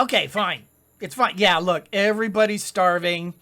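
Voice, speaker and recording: A woman's voice: lowish voice, moderate pace, sharp tone. A woman hosting a let's play, commenting on her game with dramatic groans, cries of dismay and frequent laughter. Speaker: gaming channel host.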